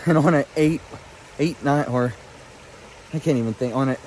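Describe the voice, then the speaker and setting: A man's voice: mid-range voice, normal speed, darkish tone, slight background noise. Breathless, overwhelmed man by a stream. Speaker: fly fishing vlogger. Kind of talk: emotional outdoor vlog. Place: outdoors, standing in a stream. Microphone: phone. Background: flowing stream.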